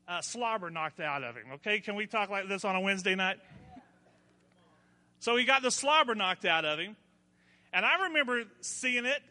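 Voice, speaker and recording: A man preaching a sermon with a bright, sharp, high voice. He tells folksy stories and swings up into emphatic points, and his voice rings with long reverb through a church hall. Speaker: pastor.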